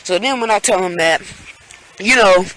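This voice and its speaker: A young man telling a casual storytime vlog story, rambling with lots of fillers and restarts, and jumping into squeaky voices when he acts out his scared friends. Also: normal speed, bright, forceful tone, a little hiss or hum, low-quality recording.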